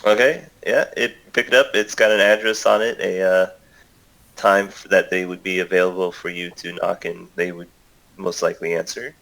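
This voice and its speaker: Low-voiced man narrating a tabletop game. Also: level tone, moderate pace, creaky, a bit bright, low-quality recording. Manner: loose, filler-heavy improvised narration. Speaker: game master.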